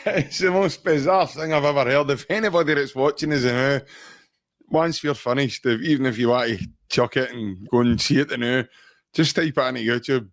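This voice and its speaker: Chatty Scottish podcast host, dry sound. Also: male voice, mid-range voice, normal speed, no echo. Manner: chatty, laughs often, restarts sentences. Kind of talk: casual podcast chat.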